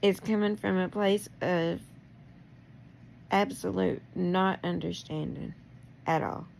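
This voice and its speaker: A middle-aged woman with a gravelly, fry-laced voice vents in a rambling personal monologue. She talks straight at someone she is angry with, firing off accusing questions and laughing through her fury. A faint hiss sits under her voice. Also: on the low side, fairly even intonation, slow, darkish tone. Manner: confrontational, addressing someone directly.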